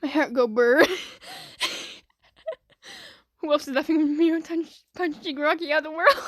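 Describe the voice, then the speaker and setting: A woman casually reading comments aloud as a video creator, giggly and excitable, laughing often between lines. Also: sits high, normal speed, no echo.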